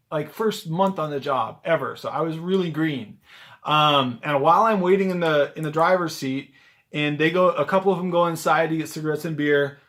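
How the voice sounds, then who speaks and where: Guy vlogging a driving story, kinda high voice, says "like" a lot. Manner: chatty, animated, lots of "like" fillers. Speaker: rideshare driver vlogger. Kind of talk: casual storytelling to camera. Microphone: handheld camera on a gimbal.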